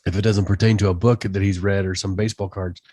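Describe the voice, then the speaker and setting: A man with a low voice tells a patrol story in an easy, rambling way, chuckling at his own memory. The recording is dry and close to the mic. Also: quick pace, dry recording. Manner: relaxed storyteller, laughs at his own tale. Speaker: podcast co-host. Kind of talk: casual veterans' podcast chat.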